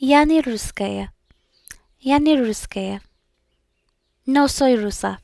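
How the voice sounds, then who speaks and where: A woman's voice: high-pitched, takes it slowly, vocal fry, a little mellow, no echo. A young woman learning languages, repeating practice words aloud and chatting casually with fillers.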